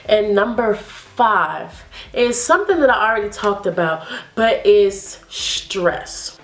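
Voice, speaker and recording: A woman's voice: medium pitch, expressive, takes it slowly, noisy background. Chatty woman vlogging in an echoey room. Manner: chatty, upbeat and encouraging. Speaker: hair care vlogger. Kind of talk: casual vlog talk to camera.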